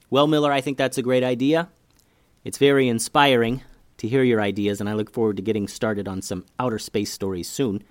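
A man hosting a children's story podcast, narrating with an animated, expressive reading on a close mic. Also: mid-range voice, fairly quick, no echo.

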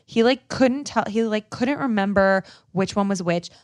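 A young woman co-hosting a casual dating podcast, animated and full of "like" and quick asides. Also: medium pitch, no echo, studio quality. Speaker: podcast co-host. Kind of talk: casual chat.

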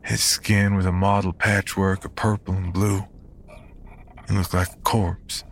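A man narrating a horror story in a measured, grim manner. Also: deep voice, fairly bright tone, a little hiss or hum. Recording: narration over background music.

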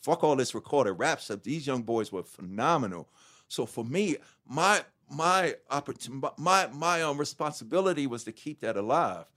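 A man's voice: mid-range voice, moderate pace. A middle-aged man, telling his life story candidly in an interview, swearing freely and acting out what others said to him. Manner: animated, swearing, acts out quotes. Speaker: guest.

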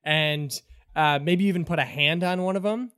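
A man's voice: fairly high pitch, moderate pace, fairly bright tone, clean tone, no room sound, clean studio sound. A man narrating as game master in a tabletop role-playing game, loose and full of fillers.

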